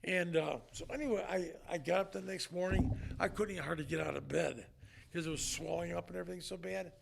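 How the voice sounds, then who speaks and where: An older man and former strongman, telling an emotional story in an earnest, halting way with many restarts. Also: high voice, steady tone, creaky, a little hiss or hum. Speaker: retired strongman, guest.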